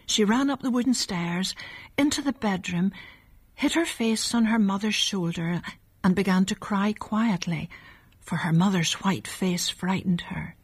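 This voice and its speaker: A woman reading a story aloud, softly and often in a half whisper. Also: medium pitch, a little slow, breathy edge.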